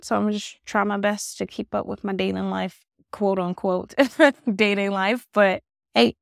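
Recorded dry and at studio quality, a medium-pitched woman chats casually on her solo podcast from her new apartment. Her story meanders loosely, heavily peppered with "like."

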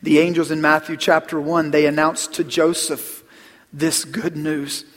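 Earnest pastor in a reverberant church. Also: male voice, on the high side, flat delivery, measured pace. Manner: earnest, repeats words, drops to a hush on key phrases. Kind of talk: sermon. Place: church sanctuary. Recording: long hall reverb.

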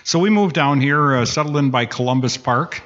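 A man's voice: medium pitch, normal speed, a bit bright. An older man from Michigan's Upper Peninsula, a podcast guest telling wry, rambling stories about his youth. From Upper Peninsula of Michigan, raised in Wisconsin. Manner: wry, self-deprecating, rambling with restarts. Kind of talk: casual interview storytelling. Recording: dull lo-fi podcast recording.

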